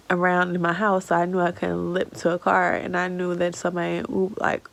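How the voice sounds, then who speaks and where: A woman's voice: lowish voice, creaky, poor audio. A woman in her thirties telling a personal story in a casual vlog, tearful and rambling with many fillers. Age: 30s. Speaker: vlogger.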